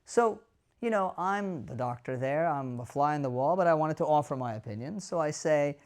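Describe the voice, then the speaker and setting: A man's voice: fairly high pitch, animated, moderate pace, a little mellow. A man, a physician, telling an emotional story straight to camera in an earnest way, often asking the viewers questions. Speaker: dementia care physician.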